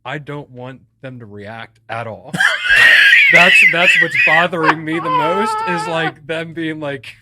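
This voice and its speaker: A man's voice: on the high side, huge pitch swings, slow, heavy background noise. A man co-hosting a podcast in casual chat, reacting with short exclamations and laughter. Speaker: podcast co-host.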